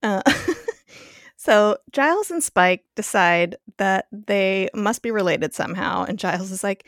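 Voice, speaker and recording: A woman's voice: medium pitch, animated, fairly bright tone, no echo, clean studio sound. A woman guest on a podcast, casually recapping an episode and laughing often. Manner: giggly, quick to laugh.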